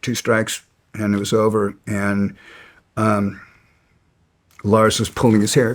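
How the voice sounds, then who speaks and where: A man's voice: on the low side, flat delivery, takes it slowly, pauses often. A man as an interview guest, telling stories bluntly and with some resentment, stumbling and restarting his sentences. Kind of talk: casual storytelling.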